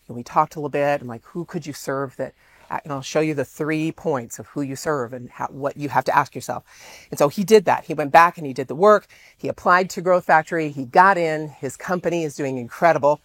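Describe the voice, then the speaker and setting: A woman speaking to an audience, telling a story in an animated way and acting out the dialogue. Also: low voice, moderate pace, dry recording. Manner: animated, exclaims often, acts out quoted dialogue.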